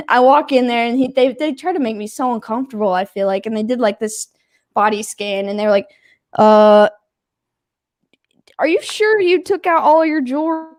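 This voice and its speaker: A young adult woman with a medium-pitched voice tells a story in a relaxed, animated way, imitating people's quotes while laughing and swearing. The sound is clean studio quality with no room sound.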